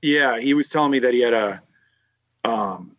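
A man from Massachusetts telling fishing stories in a relaxed podcast chat. He rambles through his anecdotes with plenty of fillers, restarts and asides. His voice sits at a middle pitch, recorded close and dry. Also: normal speed, no echo, dull audio. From Massachusetts, USA. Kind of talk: casual conversational storytelling.

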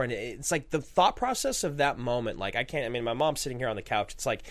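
Lively man co-hosting a film podcast. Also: mid-range voice, a little fast, hardly any pauses. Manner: lively, rambling, full of restarts. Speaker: podcast co-host. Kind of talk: casual movie podcast chat.

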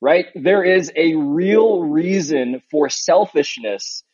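A husky-voiced man in his thirties from New York talks in a loose, rambling, earnest way, full of "like" and restarts. He sounds short on sleep. The sound is dry and slightly muffled, as if it comes over a remote line. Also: on the high side, takes it slowly, a little mellow, no echo. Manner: rambling, earnest, many fillers. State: sleep-deprived new father. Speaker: podcast co-host. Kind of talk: casual remote chat.

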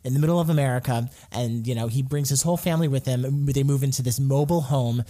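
A man in casual chat on a podcast, reviewing a film with excited, gushing enthusiasm. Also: mid-range voice, fast talker. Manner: gushing, excitable, lots of "like" fillers. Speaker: podcast co-host reviewing films.

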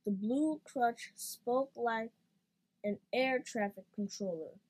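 A woman reading a children's storybook aloud in an expressive, playful way. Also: fairly high pitch, takes it slowly, rough recording.

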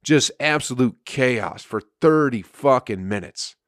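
A man's voice: mid-range voice, lively intonation, unhurried, fairly bright tone, dry recording, studio quality. A man, a comedian and podcast host, telling a rambling, profane story in casual chat with frequent laughter.

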